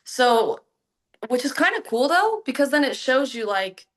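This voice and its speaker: A woman talking as a podcast guest in a casual conversation, animated, with many fillers and acted-out quotes. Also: high-pitched, measured pace.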